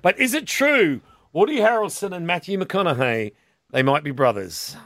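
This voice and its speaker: A man's voice: high voice, normal speed, no room sound, clean studio sound. An Australian man hosting breakfast radio, joking and laughing through casual banter. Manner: jokey, laughing, animated. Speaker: radio host.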